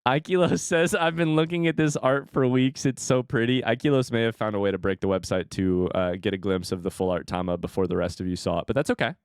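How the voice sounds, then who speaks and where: Young guy streaming, chatting w/ chat, gets loud and hyped fast, clean dry sound. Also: fairly low pitch, smooth, no room sound. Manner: excitable, swings from hushed to shouting. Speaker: streamer host. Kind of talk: casual live stream chat.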